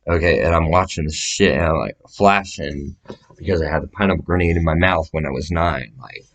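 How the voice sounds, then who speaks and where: Male, low register, loose and profane, meandering vlog monologue delivered to camera. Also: brisk, fairly bright tone. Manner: profane, meandering, gestures while describing sizes. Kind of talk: rambling casual monologue to camera.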